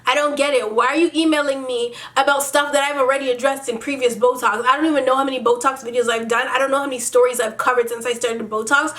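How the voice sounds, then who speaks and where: A woman hosting a vlog, reading out viewer emails and then ranting about them in a profane, exasperated way. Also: high-pitched. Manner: reads emails in a slow, flat storytelling tone. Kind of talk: casual advice vlog.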